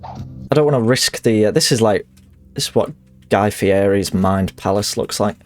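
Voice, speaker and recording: A male streamer giving live commentary on a game, swearing, laughing and reacting loudly. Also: fairly low pitch, normal speed, soft background music.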